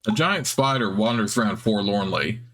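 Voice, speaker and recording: A man hosting a let's play, reading game text aloud in a steady narration with casual asides. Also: on the low side, moderate pace.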